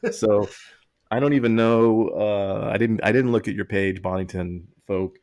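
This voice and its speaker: Male podcast co-host, lowish voice; rambling, joking, quick to laugh. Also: fairly even intonation, a little mellow. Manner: reads can labels aloud mockingly. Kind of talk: casual chat.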